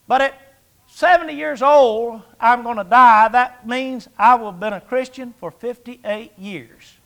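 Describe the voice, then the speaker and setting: A man's voice: very high voice, unhurried, vocal fry. A man in his sixties preaching a sermon in a folksy, conversational way, with jokes and rhetorical questions. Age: 60s.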